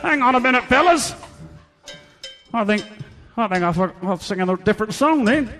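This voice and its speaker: A man's voice: sits high, animated, fairly quick, a bit bright, big-room sound, soft background music. A man playing a crude, boozy, middle-aged Australian entertainer with an Australian accent, rambling half drunk in live character comedy and laughing at his own jokes. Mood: flustered. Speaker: stage comic performer.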